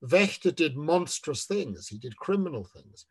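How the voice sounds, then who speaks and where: A man talking about his book in an online discussion, measured and emphatic, leaning on words when he lists them. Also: a little high, big pitch swings, breathy edge. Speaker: author in a book talk.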